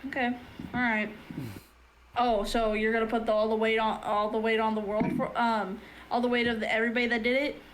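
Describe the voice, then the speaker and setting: A woman's voice: a little high, little pitch movement, a little fast, slight background noise, low-quality recording. A woman guest on a casual stream chat, joking and crude in a playful way.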